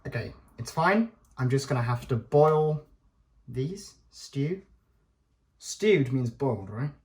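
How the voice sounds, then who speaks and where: A man's voice: mid-range voice, lively intonation, slow, a little mellow. A young man talking to himself while cooking in a home kitchen, chatty and self-mocking. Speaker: vlogger. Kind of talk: casual cooking vlog. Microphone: head-mounted action camera.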